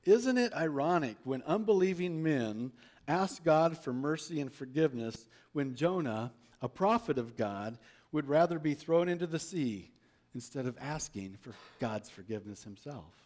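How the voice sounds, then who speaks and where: A man's voice: fairly high pitch, lively intonation, normal speed, darkish tone. A man preaching a sermon, reading a Bible story aloud and asking his listeners rhetorical questions.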